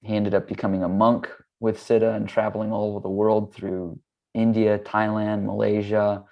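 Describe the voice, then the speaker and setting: A man in his thirties from the United States speaks in a low voice with a gravelly edge. He tells a personal story in a relaxed, candid way, with easy fillers and the odd curse. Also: normal speed, lo-fi sound. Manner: relaxed and candid, loose fillers, casual swearing. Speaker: yoga teacher and guest. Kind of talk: casual storytelling.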